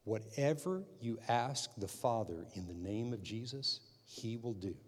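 A male pastor preaching a sermon, repeating his points with emphasis and building to loud, forceful stretches. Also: on the low side, animated, a little slow. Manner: preaching with emphatic repetition, rising loud at climaxes. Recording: long hall reverb.

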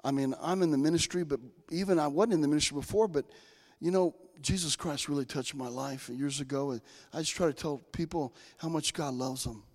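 A man preaching a sermon, telling folksy personal stories and swinging between soft asides and loud bursts. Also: a little high. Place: church sanctuary. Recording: long hall reverb.

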